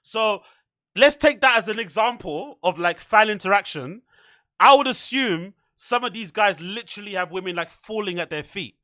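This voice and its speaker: A young man with a high, bright voice talks through a loose, rambling podcast chat, packed with fillers and swearing. The sound is dry and close, with no room around it. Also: normal speed, no room sound. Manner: rambling, animated, swears a lot, filler-heavy. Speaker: podcast host. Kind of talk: casual chat.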